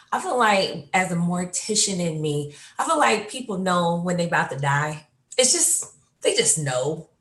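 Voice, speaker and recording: A woman with a lower voice tells personal memories, animated and expressive. She leaps up in pitch when she quotes herself. The sound is roomy and echoey. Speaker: panelist. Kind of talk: personal storytelling.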